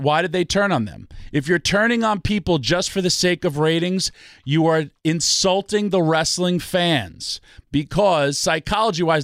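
A man's voice: high-pitched, fairly bright tone, dry recording, clean studio sound. A man ranting about wrestling on a talk show, emphatic and full of rhetorical questions. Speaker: wrestling podcast guest. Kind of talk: passionate ranting commentary.

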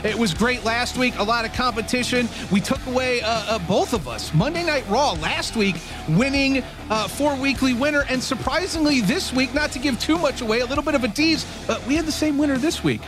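A man co-hosting a radio show, chatting in an animated, excitable way and laughing often. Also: very high voice, a little fast, few pauses, over music. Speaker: radio co-host. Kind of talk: casual radio sports talk.

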